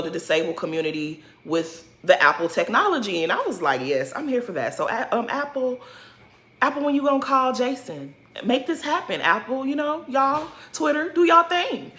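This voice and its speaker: A woman gives a sassy, animated recap of a reality show and talks straight to the people in it. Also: fairly low pitch. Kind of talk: casual recap commentary.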